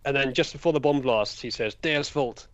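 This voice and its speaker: Fast-talking man, dry muffled mic. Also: medium pitch, clear, resonant tone. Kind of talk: casual political chat.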